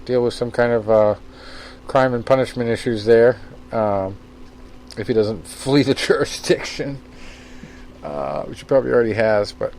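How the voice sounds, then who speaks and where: A man co-hosting a podcast in casual chat, talking in a relaxed, rambling way with many fillers. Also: medium pitch, normal speed, slight background noise. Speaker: podcast co-host.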